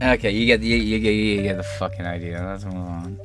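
A man's voice: lowish voice, steady tone, brisk, a bit bright, faint music behind. A man hosting a commentary show, reading articles aloud and cutting in with profane, sarcastic, contemptuous remarks. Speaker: commentary host.

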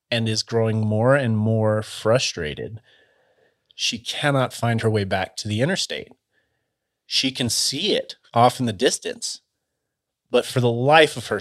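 Low-voiced man telling a story casually. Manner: loose and halting, filled with "like" and restarts.

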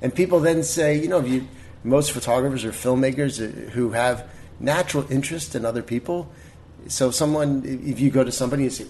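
Animated middle-aged man telling stories. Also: medium pitch, a little fast, a little hiss or hum. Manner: animated storyteller, many restarts. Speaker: guest. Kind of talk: casual interview storytelling.

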